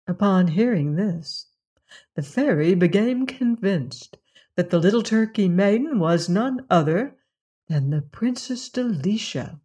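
A woman narrating a fairy tale in a measured, expressive reading. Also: medium pitch, breathy edge. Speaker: storyteller.

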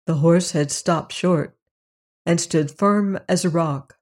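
An audiobook narrator reading a children's story in an even, measured way. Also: mid-range voice.

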